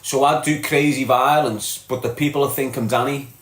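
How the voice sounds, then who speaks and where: A Liverpool man with a Scouse accent runs a live stream, chatting bluntly, reading viewer comments and swearing freely in casual talk. His medium-pitched voice is steady and a bit bright at normal speed, with a reverberant sound.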